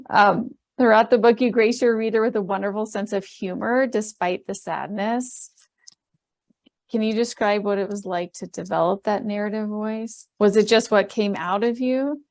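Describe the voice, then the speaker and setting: A woman hosts a webinar interview, her voice slightly gravelly. She moves through her questions in a friendly, brisk way. She is heard over a video call. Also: medium pitch, steady tone. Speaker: webinar host.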